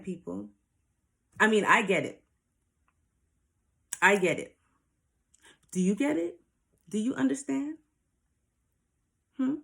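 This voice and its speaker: A woman with a slightly low voice talks straight to her viewers about spiritual growth. She is earnest and a touch preachy, and she keeps checking in with questions to make her point land. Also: vocal fry. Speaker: spiritual advice vlogger. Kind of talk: casual spiritual advice monologue.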